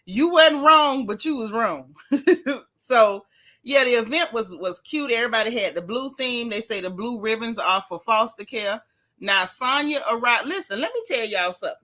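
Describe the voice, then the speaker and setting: Woman dishing reality tv gossip, sassy, bright voice pitched a bit high. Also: lively intonation, normal speed. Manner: sassy, chatty, Southern Black vernacular on purpose. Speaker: reality TV recap host. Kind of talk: casual gossip recap reading live chat.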